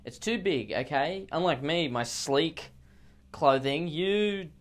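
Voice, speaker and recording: A man's voice: a little high, animated, slow pace, voice pushed up. A man doing a pompous, insulting politician. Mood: boastful. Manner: boastful, rambling, trades in childish insults. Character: pompous insulting male politician at a press conference.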